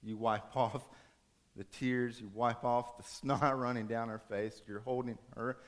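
A man preaching a sermon, telling a story dramatically, rising to urgent raised passages and dropping to hushed soft ones. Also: mid-range voice, steady tone, a little slow.

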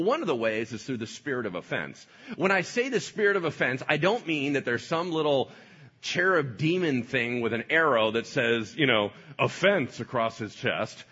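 A male pastor giving a lively, playful sermon, acting out voices as he teaches. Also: mid-range voice, husky. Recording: dull lo-fi sound.

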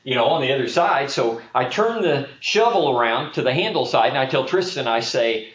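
A man preaching a sermon, telling a lively story with quick, animated delivery and a casual manner. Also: medium pitch. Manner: animated storyteller, speeds up in action. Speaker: pastor. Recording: roomy, slightly dull sound.

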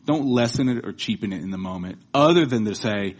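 A man's voice: lowish voice, expressive, fairly quick, hardly any pauses. A man preaching a sermon, moving from conversational talk to rhythmic proclamation. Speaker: pastor.

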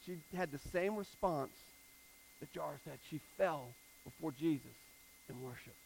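A man preaching a sermon in a casual, animated style, repeating phrases for emphasis. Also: on the high side, normal speed, gravelly, slight background noise, poor audio.

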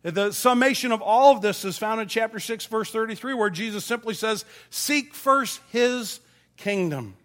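A man's voice: high-pitched, moderate pace, a bit bright. A middle-aged man preaching a sermon, folksy and self-deprecating, telling stories from his childhood to make his point. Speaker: pastor.

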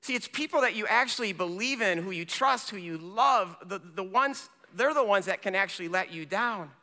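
A male pastor preaching a sermon with passion, swinging between loud emphasis and hushed, quiet moments. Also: high-pitched, expressive, moderate pace. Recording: long church reverb.

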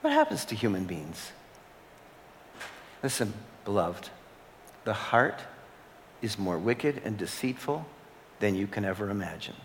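A man preaching a sermon as a pastor. He speaks earnestly, repeats key phrases and holds long dramatic pauses. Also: fairly low pitch, huge pitch swings, slight background noise. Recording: long hall reverb.

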